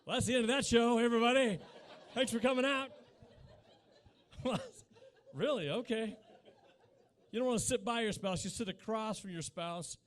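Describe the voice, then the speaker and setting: A man's voice: very high voice, moderate pace, long pauses. A man in his forties from Utah doing live stand-up comedy on a small cafe stage, chatting with the crowd and riffing in a mock-incredulous way. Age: 40s.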